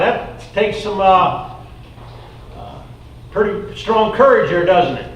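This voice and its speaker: A man's voice: high voice, animated, slow, pauses often, highs cut off. A man preaching a sermon in a casual, conversational way, full of fillers, reading scripture aloud between his own remarks. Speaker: pastor. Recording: roomy echo, distant mic, faint noise.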